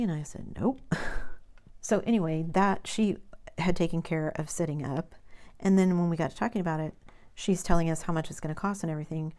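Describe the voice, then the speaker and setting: Low-voiced chatty American woman. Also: fairly even intonation, fairly quick, mellow. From United States. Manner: chatty storytelling with quoted dialogue. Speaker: crafting channel host. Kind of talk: rambling casual chat.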